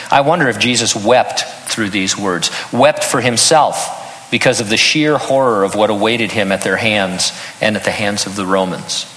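A man's voice: lowish voice, fairly bright tone, in a large hall, poor audio. An older man preaching a sermon in an earnest tone, breaking into humorous personal stories. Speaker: pastor.

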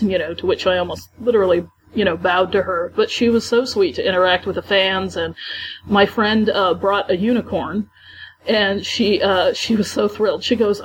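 A woman co-hosting a podcast, recounting convention stories in a bubbly, excited rush. Her voice sits at an average pitch. A faint hiss runs under the recording. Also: moderate pace, poor audio. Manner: chatty, enthusiastic storytelling with fan excitement. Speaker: podcast co-host. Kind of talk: casual podcast recap.

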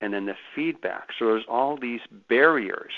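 A man speaks as a guest on a radio show, his voice sitting in an ordinary middle pitch. He tells his stories emphatically and with animation, stumbling over repeated words as he pushes ahead. The sound is thin and phone-like. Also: moderate pace. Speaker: guest author. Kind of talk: radio interview.

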